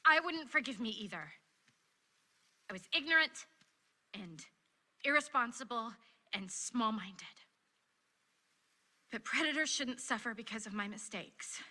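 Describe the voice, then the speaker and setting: A woman voicing a remorseful young female rabbit in an animated film, pleading and halting with tears close. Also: a little high, heavily acted.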